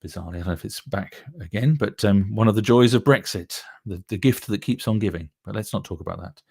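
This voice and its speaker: A man's voice: lowish voice, fast, gravelly, a little mellow, husky, no room sound, clean studio sound. A man who writes novels, chatting casually to camera and rambling with many fillers and restarts. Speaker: author. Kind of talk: casual chat.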